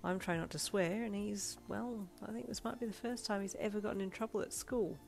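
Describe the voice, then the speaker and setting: A woman voicing a blunt, sarcastic delinquent teenage girl with a deadpan, casual way of talking, as she reads a fan fiction aloud. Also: medium pitch, fairly quick, gravelly, voice pushed up, lightly acted. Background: faint backing music.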